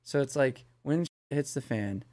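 An entrepreneur guest on an interview, a man who tells blunt, animated stories and breaks into laughter often. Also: medium pitch, moderate pace. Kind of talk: casual interview storytelling.

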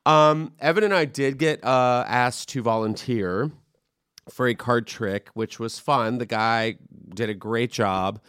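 A man hosting a podcast, telling a chatty, animated story in casual conversation. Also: medium pitch, slow pace, clear, resonant tone, dry recording, clean studio sound. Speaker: podcast host. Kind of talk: casual chat.

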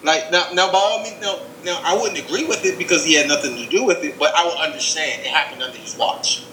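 A man's voice: a little high, fast talker, bright, forceful tone, echoey room, slight background noise, rough recording. A man co-hosting a casual sports podcast, arguing his point in an insistent, repetitive way. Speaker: podcast co-host.

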